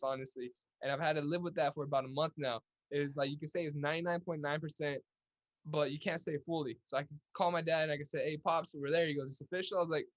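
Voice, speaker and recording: Young man, from California, boxer, interview guest, rapid talk, earnest, stumbles over repeated words. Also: fairly high pitch. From Central Valley, California. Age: young adult. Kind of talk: casual interview chat.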